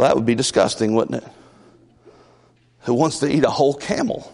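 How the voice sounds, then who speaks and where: A man's voice: mid-range voice, normal speed, gravelly, pauses often, darkish tone, in a large hall. A man preaching a sermon as the church's pastor, folksy and storytelling, with asides and chuckles.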